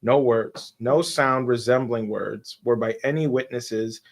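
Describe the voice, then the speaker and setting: Man, reading aloud, casual live stream, classic detective story, occasional stumbles and restarts, middle pitch. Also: fairly even intonation, unhurried. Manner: reads a detective's long speech, stumbling and restarting on words.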